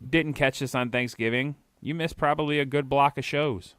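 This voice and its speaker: A man in his middle range of pitch, co-hosting a casual podcast, swearing often and rambling through stories. The sound is very dry and close, with no room around him. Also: fairly even intonation, moderate pace, fairly bright tone, clean tone, dry recording. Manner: profane, rambling, self-mocking about his fear of flying. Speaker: podcast co-host. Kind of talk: casual crude banter.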